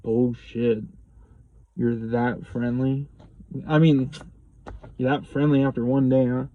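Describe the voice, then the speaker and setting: A man's voice: mid-range voice, takes it slowly, phone-quality sound. Profane young man telling a story. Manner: profane, rambling, animated when quoting people. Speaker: vlogger. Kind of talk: casual confessional storytelling.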